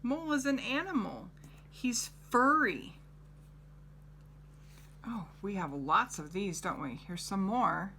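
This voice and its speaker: Woman, middle-aged, kids' lesson host; unhurried delivery, crisp bright tone, coaxing questions. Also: medium pitch, animated, slight background noise. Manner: gentle, coaxing, asks the child questions. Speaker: teacher. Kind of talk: children's lesson.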